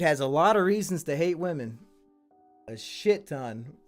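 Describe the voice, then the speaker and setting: A man's voice: fairly high pitch, animated, unhurried, soft background music. A man hosting a live stream, reading out viewer stories and commenting to the chat in a blunt, crude, freely swearing way. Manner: chatty asides to the chat.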